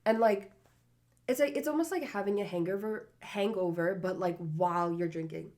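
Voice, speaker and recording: A woman's voice: mid-range voice, moderate pace, a little mellow. A young woman co-hosting a podcast, chatting casually and telling stories with lots of fillers. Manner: chatty storyteller, lots of "like" and laughs. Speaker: podcast co-host. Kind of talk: casual chat.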